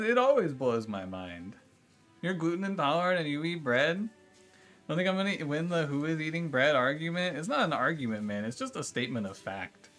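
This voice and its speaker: The voice is male, a little high and a bit bright. During a casual gaming livestream he gets exasperated, cursing, ranting and talking back to his viewers in chat.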